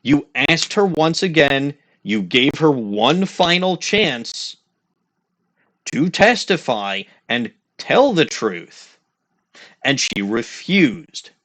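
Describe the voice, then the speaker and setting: A man voicing an impassioned young male defense attorney, dramatic and drawn-out, pressing a witness. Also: a little high, very animated, a bit bright, full character voice.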